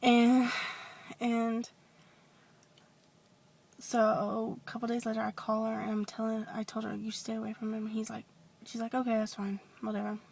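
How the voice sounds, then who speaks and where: Woman, confessional vlog, hesitant, rambling restarts, slightly high voice, soft whispery moments. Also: completely flat delivery, normal speed, creaky, long pauses, slight background noise. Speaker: vlogger.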